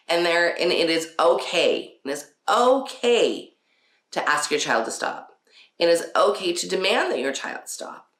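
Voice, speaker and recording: A woman's voice: lowish voice, expressive, moderate pace, vocal fry, fairly bright tone. A woman hosting a casual parenting talk, chatty, with frequent laughs and many fillers. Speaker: podcast host. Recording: roomy echo.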